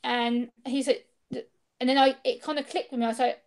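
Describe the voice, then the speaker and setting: A woman, an interview guest, telling personal stories in an animated way and acting out the dialogue. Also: high voice, a little fast, a loud crowd.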